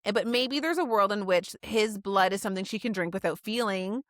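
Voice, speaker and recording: A woman's voice: mid-range voice, fairly quick, no echo, clean studio sound. A woman co-hosting a book podcast, reading out her notes and acting out the characters' lines in a casual chat. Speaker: podcast co-host.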